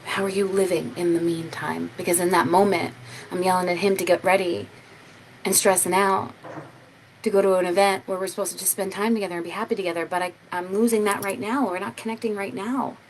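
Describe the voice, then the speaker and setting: A woman's voice: mid-range voice, steady tone, a little fast, a little hiss or hum, rough recording. A woman life coach giving a casual motivational talk to camera, earnest and encouraging, often sighing and repeating herself.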